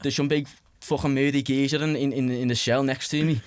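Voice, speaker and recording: A man's voice: medium pitch, fairly even intonation, fairly quick, no room sound. A young man in his twenties with a Scouse accent, telling stories as a podcast guest in a rambling way, full of "like" fillers and swearing. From Liverpool, England. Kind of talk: casual anecdotal storytelling.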